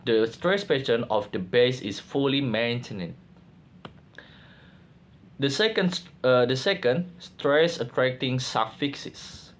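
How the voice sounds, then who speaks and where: A man reading out lecture slides for a class project in a slow, careful way, sometimes halting and restarting words. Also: medium pitch. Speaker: student presenter.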